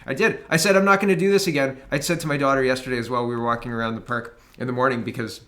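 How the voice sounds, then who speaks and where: A man's voice: medium pitch, steady tone, racing, fairly bright tone. A young man hosting a solo political commentary show, sarcastic and indignant, laughing at his own jabs. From Canada. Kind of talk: solo political commentary, reading posts aloud.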